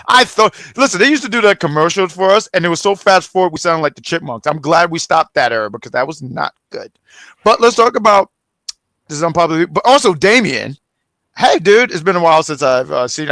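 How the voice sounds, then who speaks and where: Man, gravelly voice, dry close sound, rambling casual chat, stumbles and restarts. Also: a little high, sharp tone, dry recording. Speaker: wrestling review podcast co-host.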